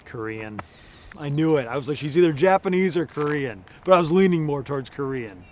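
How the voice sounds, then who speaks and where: A man's voice: on the high side, animated, a little fast, close to an everyday voice. A man acting an awkward, stammering role in a comedy sketch.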